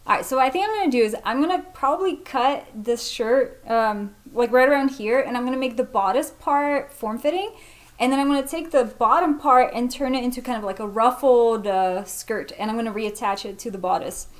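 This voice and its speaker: A woman's voice: on the high side, brisk. Chatty woman thinking aloud while sewing. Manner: chatty, many "like" fillers, self-deprecating. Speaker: sewing vlogger. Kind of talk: casual thinking-aloud tutorial.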